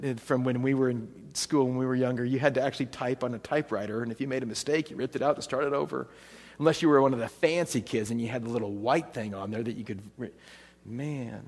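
Middle-aged man preaching in a reverberant hall. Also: a little high. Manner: conversational, asks the audience rhetorical questions. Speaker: pastor. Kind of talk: sermon.

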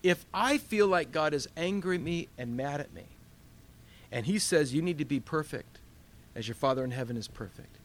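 Man, pastor type, leading a casual Bible study. Lively delivery with a voice a touch high, asks questions, acts out inner dialogue. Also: normal speed. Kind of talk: conversational Bible teaching.

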